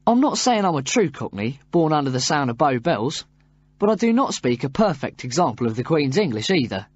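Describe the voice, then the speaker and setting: A man reads a first-person passage for a textbook audio track in a slightly high voice. His intonation swings widely as he reads. The recording is dry and a little dull. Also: sing-song, brisk, no echo. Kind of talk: scripted first-person reading.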